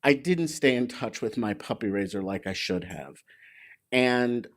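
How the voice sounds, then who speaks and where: A man in his forties gives a heartfelt graduation speech, halting and restarting as he talks. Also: mid-range voice, expressive. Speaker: graduate speaker.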